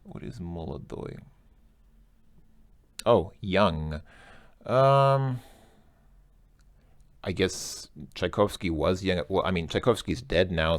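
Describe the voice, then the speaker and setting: A man with a low, gravelly voice talks through test answers in a casual lesson, hesitating and correcting himself often. He sounds close to the mic in a dry space with no room echo. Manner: thinking aloud, hesitant, self-correcting. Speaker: language learner working through a test. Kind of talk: casual self-recorded lesson.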